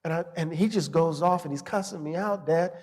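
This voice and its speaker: A middle-aged man with a slightly raised voice talks with passion, shifting between vivid storytelling and slow reflection. His words ring out with a long hall reverb behind them. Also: fairly high pitch, darkish tone. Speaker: guest scholar. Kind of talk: interview conversation.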